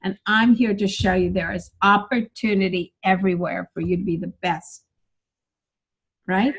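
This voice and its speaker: A woman's voice: mid-range voice, steady tone, normal speed, breathy edge. A woman teaching a live online workshop as a speaking coach, upbeat and encouraging, chatting with her students by name over a video call.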